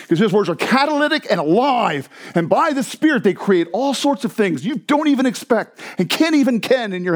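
A man preaching a sermon, with a high-pitched voice that leaps and falls in a very animated way. He jokes and laughs with the congregation, then drops to near-whispers before building back up to strong exclamations. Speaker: pastor.

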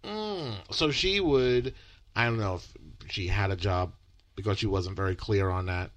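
A man's voice: fairly low pitch, measured pace, a bit bright, dry recording. A young adult man co-hosting a podcast in casual chat, easygoing and wry, swearing lightly now and then. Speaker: podcast co-host.

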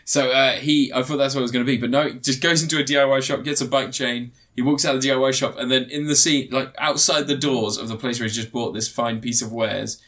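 A man's voice: mid-range voice, fairly even intonation, fast, few pauses, a bit bright. Tired, rambling podcast guy. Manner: rambling, sweary, full of fillers and restarts. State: tired, yawning. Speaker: podcast host reviewing a film. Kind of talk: casual chat.

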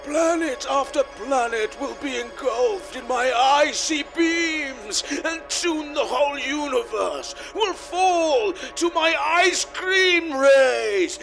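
A man's voice: very high-pitched, gravelly, bright, forceful tone, pitched above the performer's own voice, exaggerated voice, rough recording. A man playing a ranting governor villain in a comic sketch, bellowing with theatrical menace. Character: ranting male ice-planet villain governor. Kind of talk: amateur comedy sketch acting.

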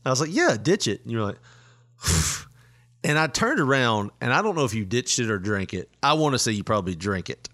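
A man's voice: mid-range voice, lively intonation, a little fast, bright, forceful tone. A middle-aged man hosting a casual chat, telling a long story with frequent laughter and quoted lines. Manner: laughing often, retelling with quoted voices.

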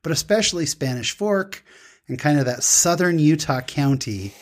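A man's voice: fairly high pitch, expressive, normal speed. Man, interview host, casual talk, stammering restarts.

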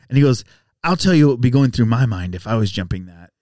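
A man's voice: fairly low pitch, a little fast, no room sound, studio quality. A man guest on a podcast, telling a casual story and acting out the other people's voices. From Texas. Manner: animated, acts out voices in anecdotes. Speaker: podcast guest, bike rider.

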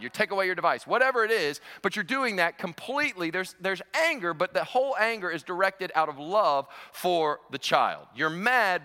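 A male pastor preaching a sermon to a congregation in a large church, animated, repeating words and chuckling as he goes. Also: sits high. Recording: long reverb of a large hall.

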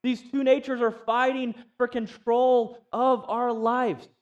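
A man preaching a sermon in a relaxed, conversational way, often asking the listeners questions. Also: very high voice, slow, distant mic, muffled recording. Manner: conversational, asks the audience questions. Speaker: pastor.

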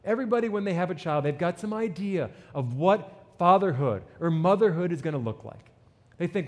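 A man preaching a sermon with an animated delivery, reading scripture and acting out the people in it. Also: sits high, brisk, long reverb tail. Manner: animated preaching, reads scripture and acts out quotes. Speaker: pastor.

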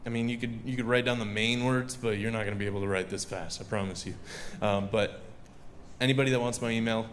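A man's voice: on the low side, steady tone, fairly quick, slight background noise. A man giving a sermon in a conversational way, chatting and joking with a live audience.

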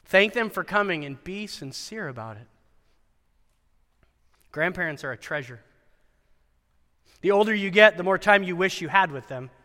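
A man with a fairly high, bright voice delivers a school chapel sermon, mixing scripture reading with wry, animated commentary. He acts out the quoted lines with flair. His voice rings with the long reverb of a large hall. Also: moderate pace, long pauses. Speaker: chapel speaker at a Christian school.

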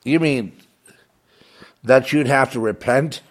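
A man's voice: medium pitch, takes it slowly. A man preaching in a rambling, fervent monologue, repeating himself and quoting imagined critics.

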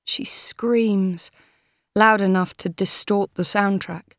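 Woman reading an audiobook, measured and steady, unhurried, dry sound. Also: medium pitch, no room sound. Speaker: audiobook narrator. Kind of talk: audiobook narration.

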